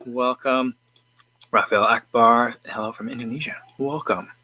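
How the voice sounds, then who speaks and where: A man's voice: mid-range voice, fairly even intonation, a little slow, sharp tone, no room sound. Rambling man chatting on a livestream. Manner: rambling, filler-heavy, restarts often; eating while talking. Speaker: livestream host. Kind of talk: casual livestream chat.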